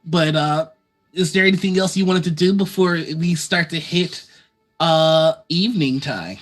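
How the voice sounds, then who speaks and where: A man running a tabletop game as game master, narrating in a relaxed way and laughing often. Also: on the high side, unhurried, soft background music. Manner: relaxed, laughing, many uh fillers.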